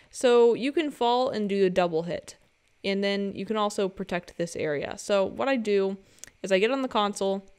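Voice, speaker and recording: Smooth-voiced young woman explaining a game. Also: mid-range voice. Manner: chatty and playful, joking asides. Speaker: gaming guide creator. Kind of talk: casual game tutorial commentary. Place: home.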